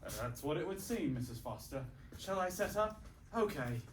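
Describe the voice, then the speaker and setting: A man's voice: fairly high pitch, expressive, moderate pace, roomy sound, natural voice. A man playing a polite, formal male assistant to an inventor on a live stage. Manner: formal and courteous. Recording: stage heard from far off with loud noise.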